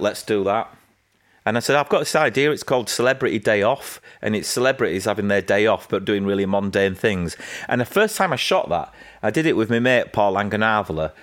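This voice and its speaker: A man with a Yorkshire accent, a guest in a casual interview, telling animated anecdotes and acting out what people said. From England. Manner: animated anecdotes, acting out quotes with raised pitch.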